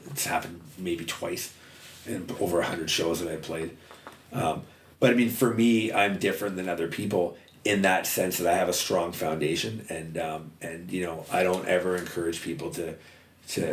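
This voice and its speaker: A man's voice: deep voice, fairly even intonation, moderate pace, far from the mic. A man guesting on a podcast, talking candidly in a casual conversation and swearing freely. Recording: roomy sound, a little off-mic, faint noise.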